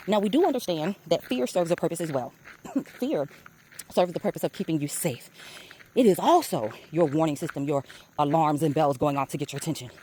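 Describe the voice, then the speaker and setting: A woman talking casually about intuition and spirit, with a lively, laughing storytelling manner. She uses slangy asides and mimics the people in her stories. A faint hiss of noise sits under her voice. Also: on the low side. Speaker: spiritual coach.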